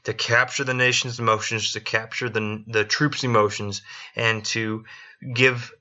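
Bright, profane male podcast storyteller. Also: on the low side, little pitch movement, unhurried. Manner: profane, joking, acts out quotes. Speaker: podcast co-host. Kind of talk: casual history storytelling. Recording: dull lo-fi recording.

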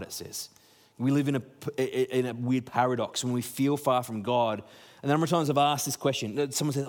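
A man's voice: mid-range voice, moderate pace. A man preaching a sermon in a conversational way, acting out the people he quotes. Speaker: pastor.

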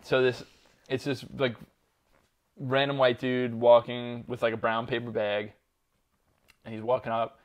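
Man, casual podcast chat, mid-pitched voice, rambling, filler-heavy, swears. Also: little pitch movement, a little slow, pauses often. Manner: rambling, lots of "like" and laughter, swears freely. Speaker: podcast co-host.

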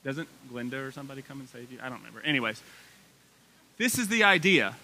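A male pastor preaching a sermon with energy, his voice climbing high when excited, with casual asides to the congregation. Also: fast talker, slight background noise.

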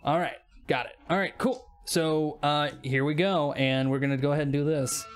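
A man's voice: fairly high pitch, steady tone, moderate pace, faint music behind. A man narrating as game master in a rambling, casual way full of fillers.

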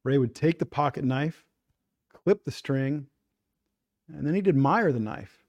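A man hosting a fishing talk show, delivering a scripted opening monologue in a measured storytelling cadence. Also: on the high side, a little mellow.

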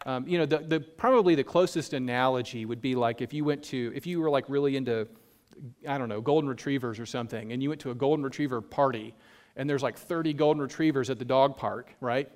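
Man preaching a conversational sermon. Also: medium pitch. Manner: conversational preaching, reads scripture slowly, many fillers. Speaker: pastor.

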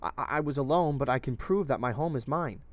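A man voicing a wounded, frightened young captive woman with a low, somewhat manly voice, who pleads and stammers. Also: expressive, unhurried, lightly acted. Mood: pleading.

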